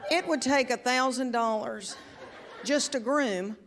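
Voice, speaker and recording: A Southern woman in her fifties tells stories on stage in a chatty, drawling, folksy way. Her voice sits a little high for a woman. The live recording carries clear background noise. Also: a little slow. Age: 50s. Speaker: stand-up comedian. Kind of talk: stand-up comedy. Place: live comedy venue with audience.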